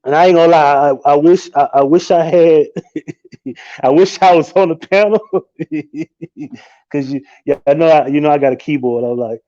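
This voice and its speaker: Man, live-stream host, casual rant, animated and profane, slightly high voice, dull lo-fi audio. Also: normal speed. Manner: animated and profane, with frequent laughs.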